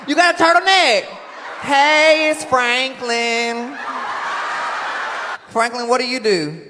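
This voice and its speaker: A male stand-up comedian doing brash, teasing crowd work, often shouting his punchlines. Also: extremely high pitch, slow pace. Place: comedy venue with a live audience. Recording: live stage mic, loud crowd noise.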